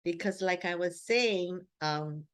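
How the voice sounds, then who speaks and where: A woman's voice: on the low side, takes it slowly. A woman vlogging in a casual, reflective monologue while sitting outdoors, rambling with lots of "like" and "you know" and laughing often as she talks. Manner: chatty, rambling, many "like" and "you know" fillers.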